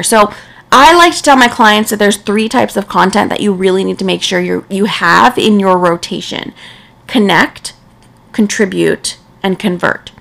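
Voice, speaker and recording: A woman's voice: mid-range voice, vocal fry, a bit bright. A young woman hosting a solo podcast as a business coach, talking casually and a bit tired late at night, with lots of "right?" and "like".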